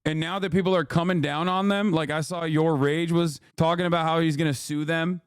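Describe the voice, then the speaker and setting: A man's voice: fairly high pitch, fairly even intonation, brisk, clear, resonant tone, no echo, studio quality. A man streaming from home, ranting and mocking his chat in a profane, casual commentary.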